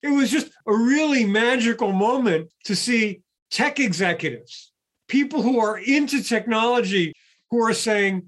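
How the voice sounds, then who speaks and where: A man in a conversational podcast discussion, an animated storyteller who acts out the people he quotes. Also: extremely high pitch, a little slow.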